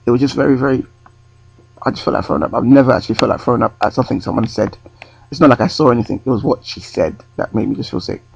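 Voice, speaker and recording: A man tells a story straight into his webcam, wandering off track and correcting himself. His voice is gravelly and a little husky. The sound is dry and dull. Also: medium pitch, animated, racing, a little mellow. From North London. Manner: rambling, self-correcting. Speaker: vlogger. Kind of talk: storytime vlog. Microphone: webcam close to the face.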